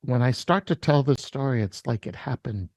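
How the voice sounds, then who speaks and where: A man giving a personal testimony in an interview, speaking slowly and reflectively with halting restarts, his voice emotional and near tears. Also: medium pitch, lively intonation, darkish tone, dry recording. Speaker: interview guest, worship artist.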